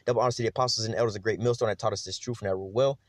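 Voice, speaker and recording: A man's voice: on the low side, fairly even intonation, very fast, no room sound. A man teaching a casual Bible lesson in a conversational, emphatic way, full of fillers.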